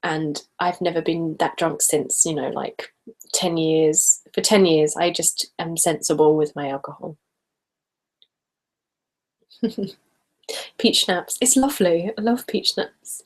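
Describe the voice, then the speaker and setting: A woman's voice: low-pitched, slow pace, pauses often. Giggly woman chatting on a live stream. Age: late 20s. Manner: chatty and giggly, often laughing mid-sentence. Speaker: ASMR channel host. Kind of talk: casual live-stream chat reading viewer comments.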